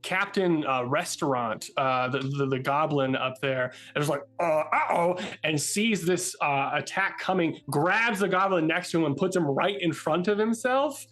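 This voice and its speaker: An excitable man runs a tabletop game as game master, cheering on his players' rolls. His voice sits slightly high and often trails into filler words as he pieces the scene together. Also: faint music behind. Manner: excitable, halting with many fillers.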